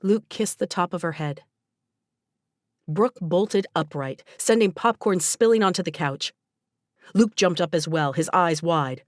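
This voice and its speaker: Audiobook narrator, woman, lowish voice, gentle even delivery, dead-dry booth. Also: measured pace, no room sound. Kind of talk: scripted narration.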